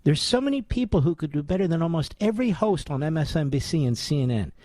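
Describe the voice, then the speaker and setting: A man's voice: on the high side, big pitch swings, fast, dark tone, no room sound. A man in his sixties hosting a radio talk show, giving combative, sarcastic political commentary full of rhetorical questions. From United States. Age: 60s.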